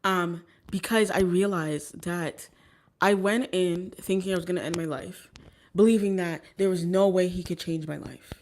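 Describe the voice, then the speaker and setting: A woman's voice: on the low side, steady tone, moderate pace, darkish tone. A woman telling a personal story in a casual, rambling way, with many fillers and restarts. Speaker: vlogger.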